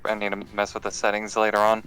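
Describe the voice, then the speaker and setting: A man's voice: on the low side, monotone, fast talker, a bit bright, clean tone, faint music behind. A man playing in an online tabletop game and talking in a casual, blunt way over a home computer mic. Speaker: player.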